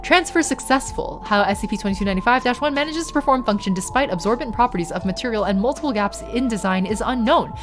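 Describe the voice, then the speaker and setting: A young woman streamer reads documents aloud flatly and chats with her viewers, turning tearful and giggly. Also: on the high side, fast talker, few pauses, over music. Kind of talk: live-stream reading and chat.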